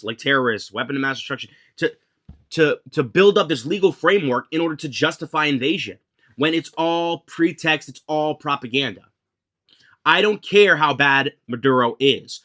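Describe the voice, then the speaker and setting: A man's voice: a little high, pushed and bright. A young man from the United States giving a heated, profane political rant, repeating his points for emphasis. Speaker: political commentator.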